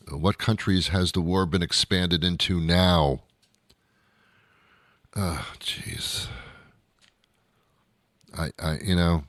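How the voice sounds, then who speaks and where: Man, talk show host, very low voice, dry sound, sardonic, rambling, lots of uh and restarts. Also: a bit bright, dry recording. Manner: sardonic, grumbling, many fillers and restarts. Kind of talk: casual rambling monologue.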